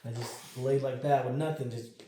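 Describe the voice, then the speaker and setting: A man's voice: medium pitch, moderate pace, slight background noise. Swearing man telling ghost stories, echoey. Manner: profane, animated storyteller. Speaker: podcast guest. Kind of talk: casual ghost-story telling. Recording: very echoey room.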